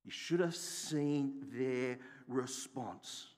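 A man's voice: mid-range voice, extremely slow, a little mellow. A man, a bishop preaching a sermon, telling a personal story and asking the congregation repeated rhetorical questions. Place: church. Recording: echoey hall.

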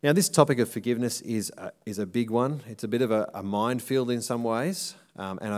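A man preaching a sermon in a church, explaining a passage step by step and slowing down to drive his points home. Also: medium pitch.

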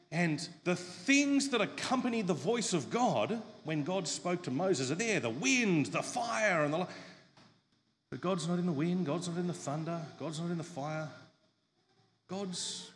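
A male pastor preaching a sermon, retelling a story with lively humor and asking the congregation questions. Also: on the high side, a little slow, long reverb tail, a little hiss or hum.

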